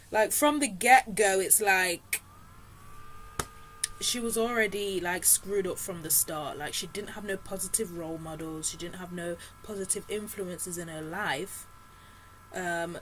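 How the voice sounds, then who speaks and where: A woman's voice: lowish voice, a little hiss or hum, poor audio. A young woman vlogging a casual film review, retelling the story in a chatty, slangy way with lots of fillers and asides. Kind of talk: casual chat.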